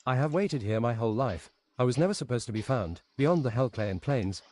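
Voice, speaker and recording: A man's voice: mid-range voice, expressive, brisk, darkish tone, natural voice. Man reading as a weary ancient angel.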